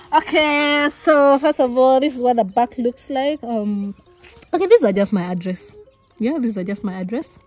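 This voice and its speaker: A young woman chats to her viewers in a casual vlog, her voice sitting a little high. She sounds excited and emotional, with frequent giggles, and speaks to the camera as if to close friends. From Uganda. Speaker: vlogger.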